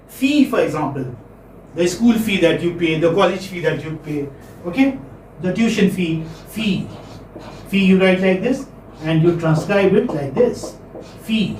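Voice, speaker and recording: A man's voice: high-pitched, darkish tone, distant mic, slight background noise. Male teacher lecturing a class with checking questions; echoey classroom, mic some way off. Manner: repeats words, asks checking questions.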